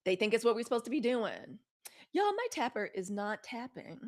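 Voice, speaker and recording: A woman hosting a live news stream, talking straight to her viewers in a sassy, animated way. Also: on the high side, moderate pace. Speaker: host of a daily live news show. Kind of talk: casual live-stream commentary.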